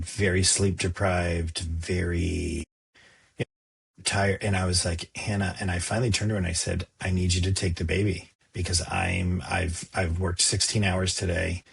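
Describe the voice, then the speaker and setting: A middle-aged man hosting a podcast, talking in a halting, reflective and sympathetic way. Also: sits low, flat delivery, gravelly, husky. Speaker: podcast host. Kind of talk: podcast conversation.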